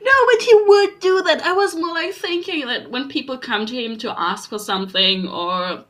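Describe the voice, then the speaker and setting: A young woman co-hosting a podcast in casual chat, excitable and gushing. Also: moderate pace. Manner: excitable, gushing, swings high when amazed. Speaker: podcast co-host.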